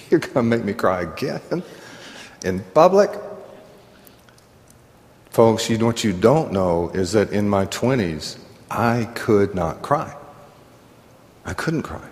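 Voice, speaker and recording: Earnest pastor preaching in a reverberant hall. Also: male voice, fairly low pitch, very animated, slow, pauses often. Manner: earnest, conversational, laughs at himself. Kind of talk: sermon. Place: church sanctuary.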